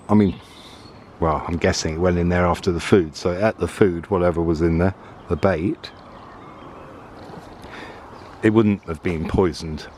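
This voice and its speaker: Brief: very low-voiced man, rambling outdoor vlog, faint birdsong and breeze behind. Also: fairly even intonation, moderate pace, darkish tone, slight background noise. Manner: rambling, chatty, thinking aloud. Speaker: vlogger on a woods walk. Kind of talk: casual walking vlog. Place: outdoors in summer woodland. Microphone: handheld camera while walking. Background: birdsong and faint outdoor ambience.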